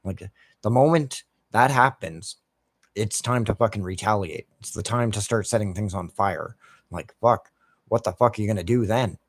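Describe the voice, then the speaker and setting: Playing a game on stream, a young Canadian man talks to his chat in a profane, irritated rant full of swearing. His fairly low voice runs at normal speed, recorded dry.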